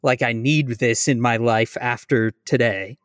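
A man's voice: medium pitch, steady tone, a little slow, fairly bright tone, no room sound, clean studio sound. Wry man co-hosting a chatty podcast. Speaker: podcast co-host. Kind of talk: casual chat.

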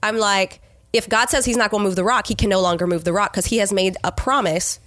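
A woman's voice: medium pitch, fairly even intonation, fast talker, fairly bright tone, no room sound, clean studio sound. A woman co-hosting a Christian podcast, speaking earnestly and acting out conversations about sharing her faith. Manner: earnest, acts out sample conversations. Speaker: podcast co-host.

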